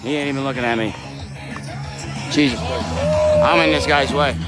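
A man filming a live wrestling event from ringside, talking in a rowdy, excitable way and swearing freely. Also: mid-range voice, normal speed, over loud music, over a noisy crowd, poor audio. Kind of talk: loud excited ringside chatter. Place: indoor wrestling event in a crowd.

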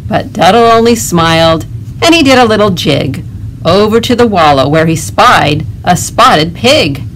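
A woman librarian leading a toddler storytime, reading a picture book aloud in a gentle, animated way. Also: lowish voice, measured pace, a little hiss or hum. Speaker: children's librarian.

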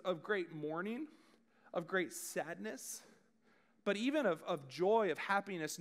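A man preaching a youth sermon, talking conversationally and addressing the room directly. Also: high-pitched. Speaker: youth pastor.

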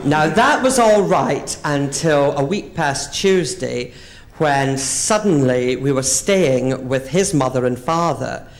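A man's voice: fairly high pitch, lively intonation, takes it slowly. A man performing a bawdy stand-up monologue in drag character on a live theatre stage. He tells camp stories and swoops into quoted voices. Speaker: drag comedian.

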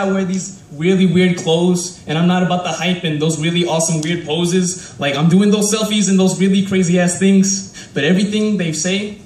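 Standing before a crowd, a young man performs a live spoken word piece with a rhythmic, rhyming, heartfelt delivery. His voice is high and a little mellow, picked up by a distant mic in an echoey room.

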